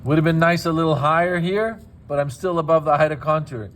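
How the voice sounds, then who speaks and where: In a dental laboratory, a dental technician gives a hands-on demonstration of lab work, teaching casually and tossing in jokes. His voice is fairly high, a little fast and fairly bright, with a little hiss or hum.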